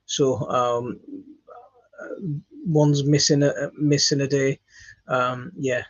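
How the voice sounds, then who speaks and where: A man's voice: medium pitch, level tone, slow pace, dull audio. Tired, rambling man on a live stream. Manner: rambling, hesitant, many ums and restarts. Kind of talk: casual live chat reading viewer comments.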